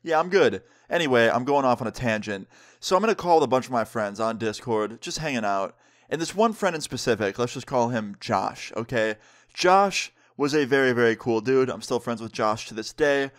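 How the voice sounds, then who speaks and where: A young man telling a story in a casual, animated storytime vlog. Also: medium pitch, normal speed. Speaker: vlogger.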